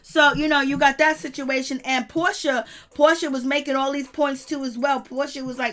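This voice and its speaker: A woman with a high, bright-pitched voice gives unfiltered commentary on a reality show. She's blunt and sassy, laughs a lot, and keeps calling out to her live chat in a loose, casual flow. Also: fairly even intonation, moderate pace, hardly any pauses.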